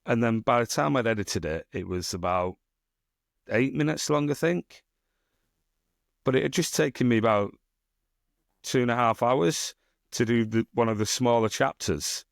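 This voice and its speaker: A man's voice: mid-range voice, animated, normal speed, creaky, pauses often, no echo, studio quality. A man with a Northern English accent chatting on a podcast, rambling and swearing freely as he teases his co-host. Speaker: podcast co-host and self-published author. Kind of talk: casual podcast chat.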